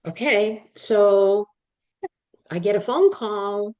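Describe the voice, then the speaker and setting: A woman psychologist sits as a podcast guest and tells a story in an earnest, heartfelt way. She acts out other people's words as she goes, and her voice stays at an ordinary middle pitch. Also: slow pace, darkish tone, dull audio. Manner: earnest, quotes people vividly.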